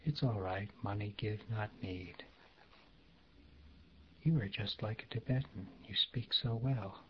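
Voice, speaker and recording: A man reading a language lesson aloud, slowly and carefully, giving word-by-word glosses. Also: lowish voice, dull audio, a little hiss or hum. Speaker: language teacher.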